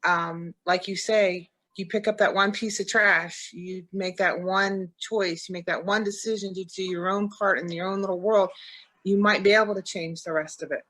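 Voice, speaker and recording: A woman's voice: medium pitch, steady tone, moderate pace, fairly bright tone. A woman guest in a casual chat, speaking earnestly and repeating her point.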